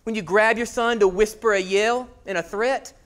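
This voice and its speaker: A man in his thirties preaches a sermon. His voice sits high, and he tells a personal story with lively delivery, jumping between shouted lines and hushed asides. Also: moderate pace. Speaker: pastor.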